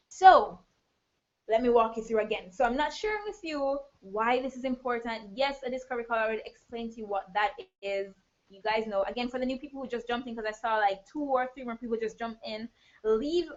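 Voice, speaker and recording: Upbeat woman coach on lo-fi stream. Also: fairly high pitch. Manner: energetic, addresses viewers directly. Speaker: business coach. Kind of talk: live online training.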